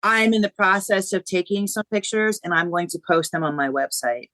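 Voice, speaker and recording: A woman author joins a podcast as a guest and tells her story with real feeling, warm and animated. Her voice is pitched in the middle and recorded dry and close, with no room sound. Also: moderate pace, no room sound. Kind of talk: podcast interview.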